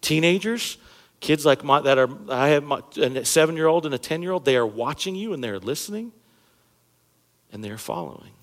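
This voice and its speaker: Preaching from the church stage under bright lights, this thirty-something pastor keeps his sermon conversational and funny, trading jokes with the congregation. He speaks animatedly at a normal speed, his pitch high for a man, hitting key words hard. The big room adds a lengthy reverb after each line.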